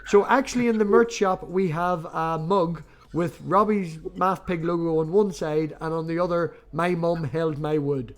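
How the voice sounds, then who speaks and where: A man's voice: high-pitched, moderate pace, hardly any pauses. A man hosting a casual video-call chat, joking, swearing and telling stories with animation. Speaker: podcast host.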